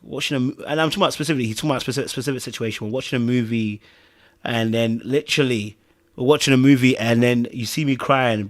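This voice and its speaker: A man with a British accent co-hosting a casual podcast, animated and swinging between loud bursts and hushed asides. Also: mid-range voice, quick pace. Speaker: podcast co-host.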